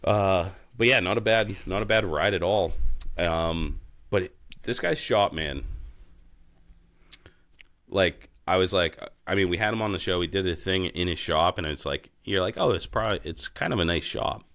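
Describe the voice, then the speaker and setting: A man's voice: sits low, normal speed, fairly bright tone, no echo. A man co-hosting a podcast, chatting casually, swearing and saying dude a lot. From New England. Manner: swearing, laid-back, says dude a lot. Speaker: podcast co-host. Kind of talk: casual chat.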